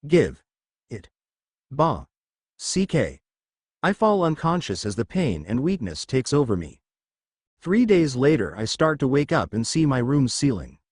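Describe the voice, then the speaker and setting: A man's voice: mid-range voice, sing-song, moderate pace, darkish tone, no room sound, studio quality. A man narrating a first-person fan fiction story and reading every character's lines in his own voice. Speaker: fanfiction narrator.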